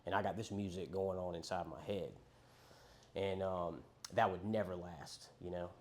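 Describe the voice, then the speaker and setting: A young man speaks in a lowish voice. He tells his own story of addiction and recovery in a candid, rambling way, swearing casually and acting out what others said to him. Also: steady tone, moderate pace, darkish tone.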